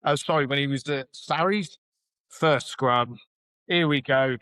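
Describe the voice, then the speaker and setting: A man's voice: medium pitch, unhurried, fairly bright tone, smooth, no room sound, low-quality recording. A middle-aged man, a former rugby player, telling candid stories with plenty of swearing, acting out what others said. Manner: candid, swears freely, acts out quotes. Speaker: podcast guest, former rugby hooker. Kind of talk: casual storytelling.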